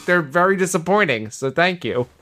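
A man's voice: high voice, lively intonation, normal speed, pushed and bright, slight background noise. Exasperated male podcast host. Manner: exasperated, laughing, explaining. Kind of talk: casual comedy chat.

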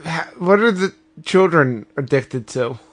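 A man's voice: fairly high pitch, animated, unhurried. A man co-hosting a comedy podcast, reacting with incredulous questions in improvised chat. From Ireland. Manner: incredulous, asks many questions. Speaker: podcast co-host.

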